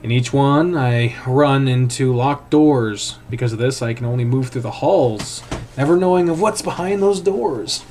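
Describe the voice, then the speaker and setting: A man reading a visual novel aloud in first person, with a hushed, tense, dramatic delivery. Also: medium pitch, unhurried, a little hiss or hum. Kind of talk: first-person story narration.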